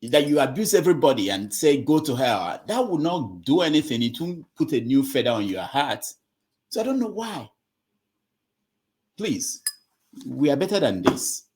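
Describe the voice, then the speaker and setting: Animated man hosting a call-in. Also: mid-range voice, a little hiss or hum. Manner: exasperated, scolding, moralizing. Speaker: host of an online call-in forum. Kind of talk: lecturing call-in talk.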